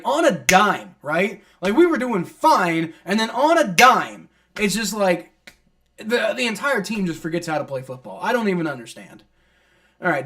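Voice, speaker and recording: A man's voice: on the high side, a bit bright. Exasperated man calling football live. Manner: exasperated, complaining at refs and players; swears casually, many fillers like "like". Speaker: fan streamer doing play-by-play. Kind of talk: live fan play-by-play reaction.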